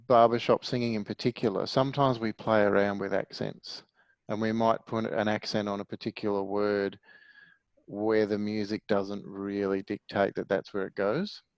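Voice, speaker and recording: A man's voice: lowish voice, fairly even intonation, normal speed, no echo, poor audio. A middle-aged man teaching music theory in a patient, explanatory way, often putting questions to his class. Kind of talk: online music theory lesson.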